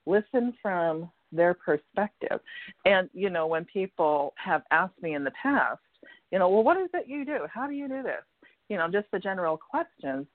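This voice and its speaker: A woman's voice: lowish voice, animated, moderate pace, dry recording. A woman talking in a casual radio chat as a guest, chatty and laughing often, acting out the lines she quotes. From United States. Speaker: guest, energy healer. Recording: tinny phone line, dry.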